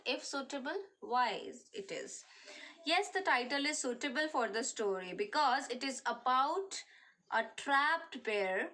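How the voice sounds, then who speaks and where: Woman teacher, Indian English accent, fairly high voice, slow, filler-heavy explanations to children. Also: fairly bright tone. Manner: explains slowly with many fillers. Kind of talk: online class lesson.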